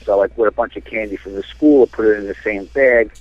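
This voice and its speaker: A man from New Jersey, calling in and telling a rambling, animated story with lots of fillers. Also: lowish voice, a little fast, no echo. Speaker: caller. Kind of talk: casual storytelling. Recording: tinny phone line.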